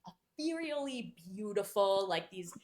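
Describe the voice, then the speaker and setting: A young woman talks through a romance novel with her co-host on a podcast. She chats casually, fills her sentences with fillers and slips into quick acted lines from the book. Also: medium pitch, very animated, a little mellow. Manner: chatty, filler-heavy, acts out lines from the book. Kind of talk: casual book club chat.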